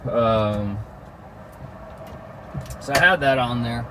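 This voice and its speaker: A man's voice: mid-range voice, slow pace, background noise. A man vlogging in a casual chat, rambling with lots of fillers and the odd swear word.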